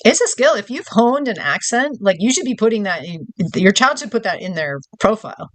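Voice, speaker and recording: A woman's voice: mid-range voice, lively intonation, brisk, dry recording. A woman from New York co-hosting a podcast, chatting casually, laughing often as she answers listener questions. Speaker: podcast co-host.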